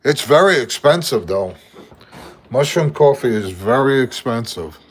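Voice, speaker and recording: Regular guy rambling on a phone stream at home, middle pitch, laid back. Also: animated, unhurried, husky. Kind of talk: casual chat on a livestream.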